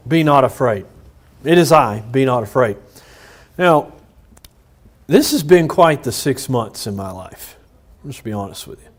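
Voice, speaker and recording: A man's voice: a little high, moderate pace. A middle-aged man, a pastor teaching a Bible study in a loose, personal way, with restarts and chuckles.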